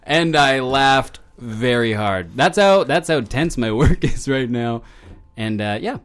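A man co-hosts a campus radio show, chatting casually and telling stories with a dry, wry edge. His voice sits at a middle pitch, recorded in a studio. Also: animated, slow pace, a bit bright. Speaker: radio co-host. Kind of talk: casual chat.

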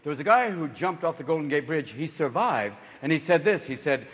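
A man from California doing a live stand-up routine on stage, talking manically and shouting as he jumps between silly voices. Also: on the high side, expressive, brisk, a little hiss or hum. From Marin County, California, USA. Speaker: stand-up comedian. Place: stage in a large theater. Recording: reverberant live hall with ambience.

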